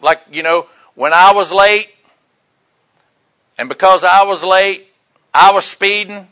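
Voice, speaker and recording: An older man, preaching a sermon in a folksy, joking way, with loud bursts and quiet asides. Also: high voice, slow pace, pauses often. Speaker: pastor.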